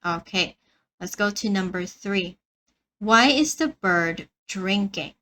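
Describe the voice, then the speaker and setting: Slow, bright-voiced woman teaching English. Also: mid-range voice, lively intonation, poor audio. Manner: slow, careful, repeats words for learners. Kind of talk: slow beginner English lesson.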